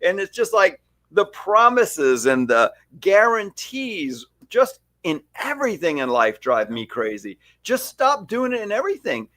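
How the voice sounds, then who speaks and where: An animated man in casual podcast conversation, talking about his salon work. His voice is a little higher than most men's and swings widely in pitch as he makes emphatic points. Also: measured pace, dry recording. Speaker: salon owner and stylist educator.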